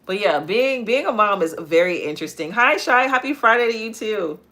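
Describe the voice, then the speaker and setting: A young woman hosts a live makeup stream from home, her voice bright and forward. She talks casually, explains each step as she works and stops to answer viewers' comments. Her pitch sits in a middle range for a woman. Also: expressive, normal speed. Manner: chatty, reads out viewer comments and answers them. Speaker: makeup vlogger and livestream host. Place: home, near a kitchen.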